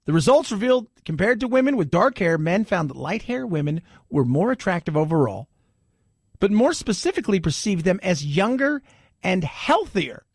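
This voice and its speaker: A man's voice: high voice, big pitch swings, normal speed, breathy edge, dry recording, studio quality. A man hosting a talk radio show, chatting casually and rambling, often laughing at his own stories. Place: radio studio. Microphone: studio microphone.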